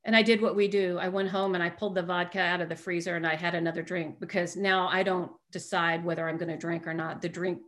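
A woman's voice: lowish voice, flat delivery, fast, hardly any pauses, fairly bright tone. A middle-aged woman candidly telling a personal recovery story to a group, with self-deprecating humor.

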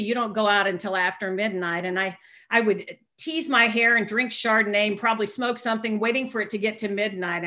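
A middle-aged woman shares a personal recovery story with a group, candid and self-deprecating. Her voice is bright and clear, and the humor comes through in how frankly she tells it. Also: mid-range voice.

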